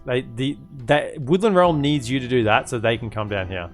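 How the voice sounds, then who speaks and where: A man's voice: mid-range voice, sing-song, normal speed, few pauses, faint music behind. Chatty Australian man streaming a game. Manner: chatty, repeats words, many restarts. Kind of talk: casual gameplay commentary.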